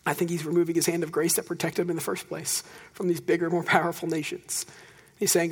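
A man preaching a sermon in a relaxed, conversational storytelling way, with dry self-deprecating humor. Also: fairly high pitch, fast, husky, in a large hall. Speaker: pastor.

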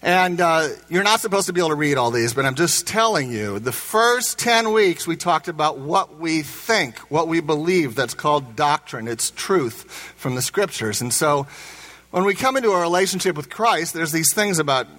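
Bright-voiced man preaching conversationally. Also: on the high side, expressive, normal speed, low-quality recording. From Indiana, USA. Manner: conversational and self-correcting. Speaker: pastor. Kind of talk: sermon.

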